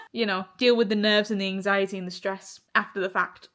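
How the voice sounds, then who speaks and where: A young woman talks casually to camera in a personal vlog. She is chatty and candid, swears freely and laughs often. Her voice sits at an ordinary pitch for a woman. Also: steady tone, normal speed, fairly bright tone. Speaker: vlogger.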